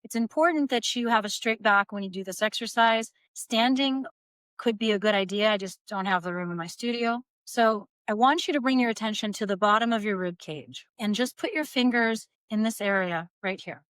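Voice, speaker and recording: Calm woman teaching voice. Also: medium pitch, normal speed, no echo, clean studio sound. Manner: calm, guiding, breaks into vocal demonstrations. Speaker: voice coach. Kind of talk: instructional voice lesson. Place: her own small studio. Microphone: seated at camera.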